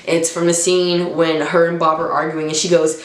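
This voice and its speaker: A woman's voice: sits low, little pitch movement, moderate pace. A woman in her twenties chatting enthusiastically in a casual vlog, laughing often. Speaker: vlogger. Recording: roomy echo.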